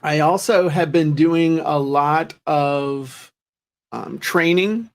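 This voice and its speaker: A man's voice: on the high side, slow. Joking, chatty podcast co-host man. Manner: joking, self-deprecating, chatty. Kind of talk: casual chat.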